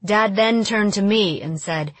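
A woman narrating a first-person audiobook in an even, storytelling manner. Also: mid-range voice, unhurried, dry recording.

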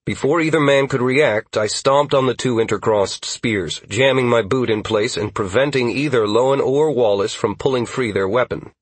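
Man, audiobook narrator, fantasy story, steady delivery, husky, dry close sound. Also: medium pitch, moderate pace, hardly any pauses, dry recording.

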